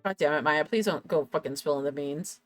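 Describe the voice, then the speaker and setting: A woman's voice: low voice, fairly quick. A woman streamer talking casually over a game, blunt and swearing freely. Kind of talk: casual game playthrough commentary. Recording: game music playing behind.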